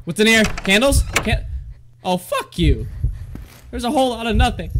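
A man's voice: very high-pitched, animated, moderate pace, long pauses, over loud music. A man commenting on a horror game he is playing, jumpy and swearing, yelping in fright and joking to his viewers and the game. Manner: jumpy, swears a lot, yelps and panics; jokey self-talk to viewers and the game. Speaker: gaming channel host.

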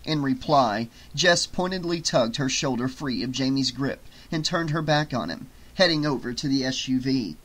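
A man narrating an audiobook in a steady storytelling read. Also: medium pitch, moderate pace, hardly any pauses. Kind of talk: scripted narration.

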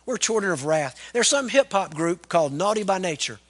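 A high-voiced pastor in his forties, telling stories from the pulpit with lively, folksy animation. His sermon delivery has a warmth of dialect and a conversational build. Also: a little fast. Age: 40s. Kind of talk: storytelling sermon.

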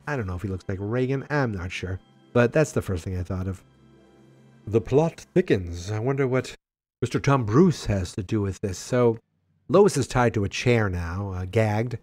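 Animated man recapping a comic. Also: on the low side, moderate pace, faint music behind. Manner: animated, acts out character lines with voices, asides and fillers. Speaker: podcast host. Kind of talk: casual comic book recap.

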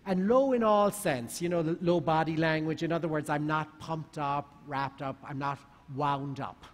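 A man giving a talk to a live audience, asking the listeners lively questions. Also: on the high side, normal speed. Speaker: conference speaker. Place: large conference hall. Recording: long hall reverb.

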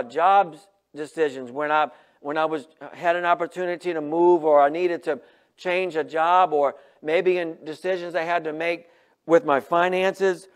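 A man preaching a sermon as pastor, earnest and emphatic, slowing down to stress each line of scripture. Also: a little high. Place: church, livestreamed sermon.

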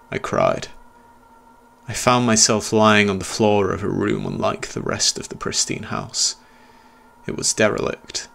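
Gravelly low-voiced man narrating horror. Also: wildly swooping pitch, unhurried, fairly bright tone. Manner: tense, dramatic storytelling.

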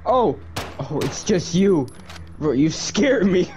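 Young male gamer, high lively voice, ribbing his squad over a headset. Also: takes it slowly. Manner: teasing and laughing at teammates. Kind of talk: casual gaming chat.

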